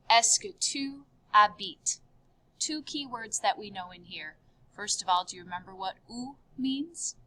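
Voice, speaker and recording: A woman teaching a recorded French lesson, upbeat and drilling each word with sharp rising repeats. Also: medium pitch.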